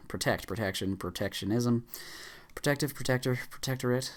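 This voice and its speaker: A man with a fairly low voice reads dictionary entries aloud as fast as he can for a speedrun challenge. He rattles through the words, tripping over a few and starting them again. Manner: rattling off words fast with frequent stumbles and restarts. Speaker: YouTuber. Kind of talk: rapid list reading for a speedrun challenge.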